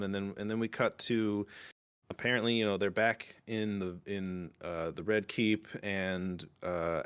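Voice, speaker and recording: A man hosting a casual podcast, recapping a TV episode in a rambling, excitable way and swearing freely. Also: lowish voice, smooth. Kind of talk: casual chat.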